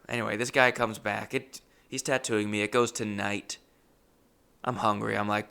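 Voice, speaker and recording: A man with a gravelly, creaky voice tells a comic story in an animated monologue. His tone is bright and forceful. He talks in a profane, exasperated way. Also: lowish voice, unhurried, long pauses. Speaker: comedian.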